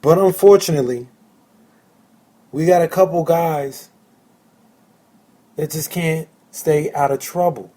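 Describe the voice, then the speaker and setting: A man hosting a solo sports fan podcast, his voice pitched a little high yet mellow and soft-edged. He talks with keen excitement and heavy emphasis, often repeating a phrase to drive it home. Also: slow pace, long pauses. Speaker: podcast host.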